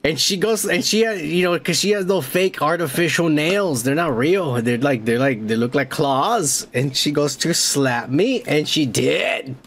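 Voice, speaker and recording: Profane, high-voiced man hosting a podcast. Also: animated, unhurried, hardly any pauses, fairly bright tone. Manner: profane, rambling and laughing. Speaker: podcast host. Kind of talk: casual comedic storytelling.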